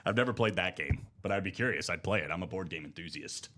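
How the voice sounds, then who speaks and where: A man's voice: sits low, fast, a bit bright. A man hosting a live card break stream, chatting casually and joking in rambling banter.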